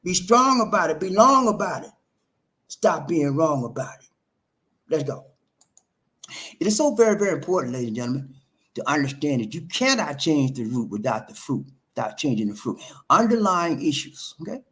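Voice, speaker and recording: A man's voice: on the high side, very animated, moderate pace, sharp tone. A man, hosting an emphatic, preachy monologue on relationships, full of repetition and rhetorical questions. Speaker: relationship talk host.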